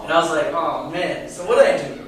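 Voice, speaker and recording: High-voiced young man in an echoey room. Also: lively intonation, a little fast, recorded from a distance, crowd noise. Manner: chatty, rhetorical questions, stumbles and repeats. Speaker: student lecturer. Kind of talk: informal class talk. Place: classroom with a live audience.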